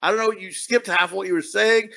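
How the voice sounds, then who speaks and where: A man co-hosting a casual podcast chat, talking fast, skipping words and acting out characters' lines as he retells a story. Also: sits high, fairly even intonation, creaky, a bit bright. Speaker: podcast co-host.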